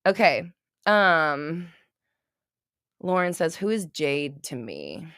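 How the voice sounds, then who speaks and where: A woman chats on a casual livestream, rambling loosely, cursing freely and bursting into laughs. Her voice is bright and forward. The sound is dry and close, with little room around it. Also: deep voice, sing-song, takes it slowly, clear, resonant tone, no echo. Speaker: livestream host doing intuitive readings.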